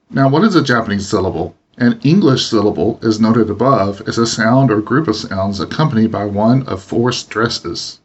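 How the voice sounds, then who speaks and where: Male teacher voice, mid pitch, steady explanatory read, slightly muffled audio. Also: slightly rough. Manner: measured explanatory reading. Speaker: language teacher. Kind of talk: instructional narration. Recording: dull lo-fi voice recording.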